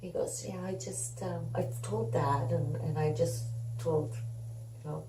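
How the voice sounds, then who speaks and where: A woman's voice: low voice, fairly even intonation, unhurried, noisy background. A middle-aged woman telling her family's story in an interview, conversational and acting out the dialogue. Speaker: guest. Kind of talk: candid personal storytelling. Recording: roomy sound, distant from the mic.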